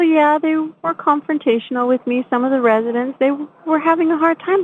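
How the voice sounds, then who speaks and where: A woman host telling a personal story in a chatty, animated way, often restarting her sentences. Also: sits high, a little hiss or hum. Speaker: show host. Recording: tinny phone-line sound.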